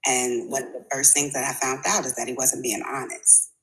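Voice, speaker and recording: A woman speaking hesitantly as a client in a reading session, pausing often. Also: extremely low pitch, flat delivery, fairly bright tone, poor audio. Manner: hesitant, many pauses and fillers. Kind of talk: casual conversation in a reading session.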